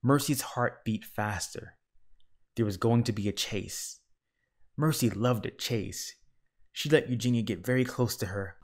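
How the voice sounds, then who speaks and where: A man reading a children's picture book aloud in a calm, measured narration. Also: mid-range voice. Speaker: storyteller.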